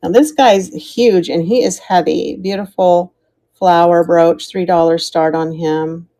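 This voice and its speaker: American woman, live-sale host, low warm voice, chatty, reads viewer names while auctioning. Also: fairly even intonation, a little slow. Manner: chatty, calls out starting prices and thanks viewers by name. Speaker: live-stream jewelry seller. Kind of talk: live auction stream chat.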